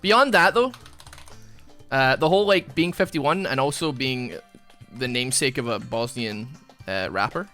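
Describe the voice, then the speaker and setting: A man's voice: medium pitch, unhurried, faint music behind. A man, a gaming YouTuber, chatting casually over gameplay, rambling through a story with lots of fillers. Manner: animated, bursts of laughter.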